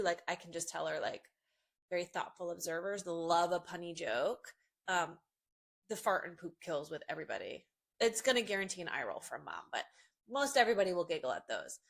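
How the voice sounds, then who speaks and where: A woman, a family photographer, telling a funny story to camera in a bubbly, self-mocking way, jumping up in pitch when she acts out quotes. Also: fairly bright tone.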